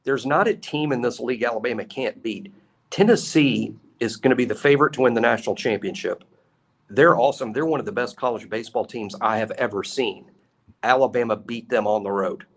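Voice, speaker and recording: A man co-hosting a sports talk show, talking in an animated, emphatic way with a lot of repetition. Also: mid-range voice, a little fast. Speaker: co-host.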